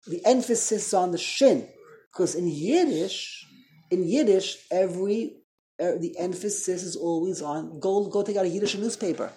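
A man's voice: high voice, moderate pace, mellow. A man teaching an informal Torah class, conversational, quizzing his listeners and correcting himself as he goes.

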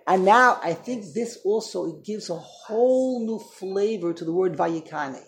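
Woman teaching a torah class, lively, acts out the voices, mixes in hebrew and yiddish words, mid pitch, taped in the room. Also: unhurried, a little hiss or hum. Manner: animated, acts out quoted speech; peppers English with Hebrew and Yiddish terms. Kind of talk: spoken Torah lesson to a small group. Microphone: tape recorder in the class.

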